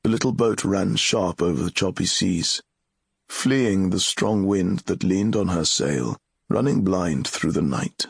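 A man narrating a fantasy audiobook in a measured, solemn storytelling manner. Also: low-pitched, gravelly, slightly rough, no echo, clean studio sound.

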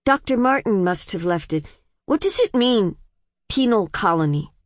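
A woman with an expressive, natural mid-range voice speaks at normal speed, pitching above her own register to play a curious, defiant twenty-year-old. The character probes with one pointed question after another, recorded dry at studio quality.

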